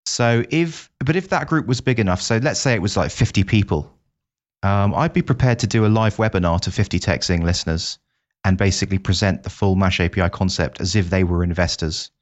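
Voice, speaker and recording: A deep-voiced man, a little fast, co-hosts a podcast in a casual chat. He's lively and eager as he shares his plans, and the recording has a dull lo-fi quality.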